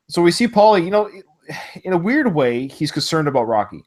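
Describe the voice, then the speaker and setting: A man's voice: a little high, normal speed. A man co-hosting a podcast over a remote call, casually retelling film scenes and quoting the characters. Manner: animated, quotes movie lines in retelling. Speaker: podcast co-host.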